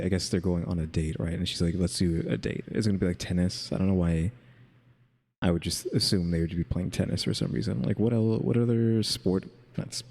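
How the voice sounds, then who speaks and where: Low, gravelly man musing aloud. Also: in a large hall. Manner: muses aloud, says "question mark" out loud. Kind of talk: casual chat.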